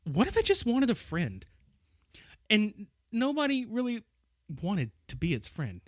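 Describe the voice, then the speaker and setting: High-voiced, lively man riffing on a movie. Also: unhurried, no echo, studio quality. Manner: animated, laughing, acts out movie characters in put-on voices. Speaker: podcast co-host. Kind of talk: casual film-review chat.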